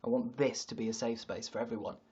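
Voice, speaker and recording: A man's voice: mid-range voice, little pitch movement, fast, warm tone, breathy edge, lo-fi sound. A man hosting a comedic livestream, rambling, joking and swearing freely. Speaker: livestream host. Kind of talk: casual comedic livestream chat.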